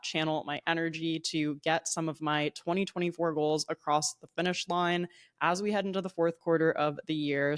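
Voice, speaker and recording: A woman's voice: sits low, no echo, clean studio sound. A young woman with a New Jersey accent hosting a solo podcast from home, chatty and upbeat, laughing often and wandering into tangents. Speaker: podcast host.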